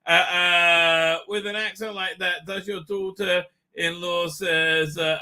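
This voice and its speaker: A middle-aged man hosting a casual livestream, rambling excitably, swearing freely and laughing often. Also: high-pitched, slow, few pauses. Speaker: livestream host. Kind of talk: casual live chat.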